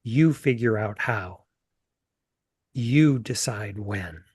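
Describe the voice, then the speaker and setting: A man reading the lines of a gentle, wise woman mentor in a slow, soft, deliberate way. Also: lowish voice, lively intonation, husky, dry recording, studio quality, pitched below the performer's own voice, heavily acted. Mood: firm.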